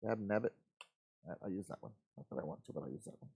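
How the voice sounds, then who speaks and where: A man's voice: deep voice, expressive, quick pace, mellow, slightly rough. Easygoing man muttering through a build. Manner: rambling, talks to himself while working; easygoing, folksy. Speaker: host of a live model-building show. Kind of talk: casual live build commentary.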